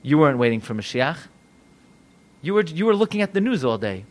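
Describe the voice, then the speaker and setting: A man's voice: a little high, very animated, fairly quick, pitched below the performer's own voice. A man voicing God as a stern, scolding accuser in a sermon retelling. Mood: accusing. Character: stern God confronting people about their lying.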